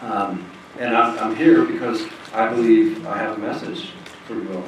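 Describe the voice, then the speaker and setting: A man's voice: fairly low pitch, steady tone, moderate pace. A man giving an earnest, plain-spoken personal talk to an audience from a stage, acting out the voices of people in his story. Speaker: nonprofit president giving a talk. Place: large hall stage before an audience. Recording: echoey hall, distant mic, faint hiss.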